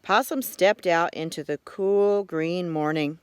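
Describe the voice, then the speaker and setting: A woman reading a children's story aloud, expressive and unhurried, in a quiet room. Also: lowish voice, a little hiss or hum. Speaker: reader.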